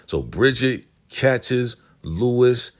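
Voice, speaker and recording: A man casually recapping a TV drama episode, animated and storytelling, acting out the characters' lines. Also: mid-range voice, very slow.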